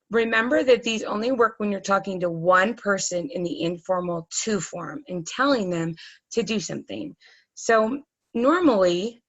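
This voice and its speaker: A woman walks through a recorded Spanish grammar lesson at an unhurried, measured pace, her voice sitting at a middle pitch. She explains patiently step by step, often pausing on an um. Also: a bit bright, poor audio. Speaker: Spanish teacher.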